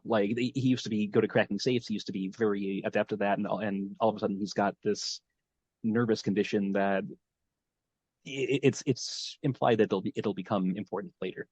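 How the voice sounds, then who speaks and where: Male podcast host, low register, rambling recap delivery, muffled lo-fi mic. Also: a little mellow. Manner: meandering storytelling, thinking aloud. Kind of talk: casual chat, episode recap.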